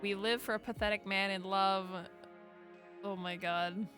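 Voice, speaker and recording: A woman with a bright, forceful voice reads fan fiction aloud on a live stream, close to a desk microphone. Between passages she gushes, giggles and swears freely. Soft background music plays faintly underneath. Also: mid-range voice, steady tone, a little slow.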